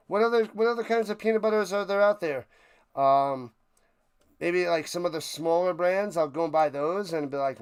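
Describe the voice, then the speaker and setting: A man's voice: on the high side, clear, resonant tone. New York-accented male streamer, loose play-by-play, clean resonant tone. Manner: rambling, playful, jumps between game calls and snack talk. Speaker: watch party streamer. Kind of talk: casual live play-by-play chat.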